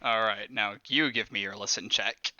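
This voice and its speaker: A man's voice: fairly low pitch, fairly even intonation, normal speed, muffled recording, very noisy. A man acting as game master of a tabletop horror game, teasing his players and laughing often.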